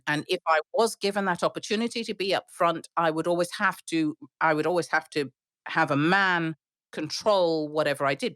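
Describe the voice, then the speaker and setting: A middle-aged woman airline pilot telling stories in an interview, animated, with frequent restarts and laughs. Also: fairly low pitch, no echo, clean studio sound. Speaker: airline pilot, podcast guest. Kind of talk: storytelling interview.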